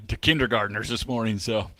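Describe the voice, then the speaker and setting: A man's voice: fairly low pitch, steady tone, normal speed, a bit bright, dry recording. A man co-hosting a sports show, chatting casually in a playful, joking way and laughing often. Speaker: co-host.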